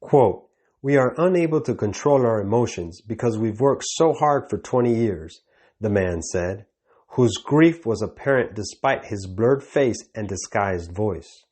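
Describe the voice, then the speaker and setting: A man reading a scripted religious news report in a measured, even tone. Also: on the low side. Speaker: news presenter.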